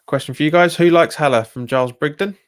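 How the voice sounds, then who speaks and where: Doing a live football watch-along, a young Englishman with a Cockney-tinged London accent reacts loudly to the refereeing, his pitch leaping at bad decisions, and answers his viewers' chat in exasperation. He talks quickly in a clear, resonant voice.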